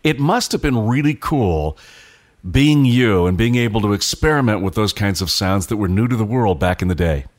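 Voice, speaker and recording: A man's voice: fairly low pitch, lively intonation, moderate pace. A man hosting a radio show from a studio, talking in a casual, chatty way. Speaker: radio host.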